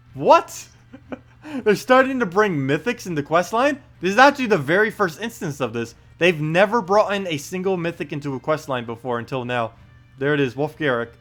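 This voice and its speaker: Lively, chatty male game streamer. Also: on the high side. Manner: chatty, laughs often, quick reactions. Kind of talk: casual live-stream commentary.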